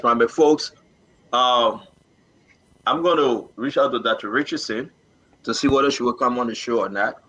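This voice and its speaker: A man's voice: a little high, a bit bright, low-quality recording. A man hosting a live online political talk show, moderating guests and cutting in firmly. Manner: interrupting, insistent moderator.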